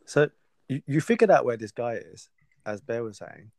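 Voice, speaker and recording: A man's voice: medium pitch, expressive, normal speed, darkish tone, dry recording. A man hosting a casual podcast chat, recapping points and asking questions. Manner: asks questions and recaps for listeners. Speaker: podcast host.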